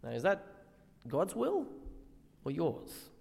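A man's voice: on the high side, huge pitch swings, slow pace, vocal fry, darkish tone, in a large hall. A man preaching a sermon in earnest, often asking the listeners questions.

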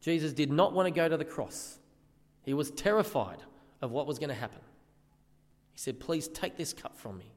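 A man's voice: on the high side, animated, moderate pace, long pauses, in a large hall. A man preaching a sermon in earnest, often asking the listeners questions.

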